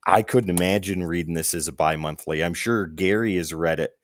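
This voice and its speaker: A man's voice: low-pitched, brisk. A man hosting a comic book podcast, steering the talk and speaking to viewers. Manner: steady, leads the talk and addresses viewers. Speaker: podcast host. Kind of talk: casual comic review chat.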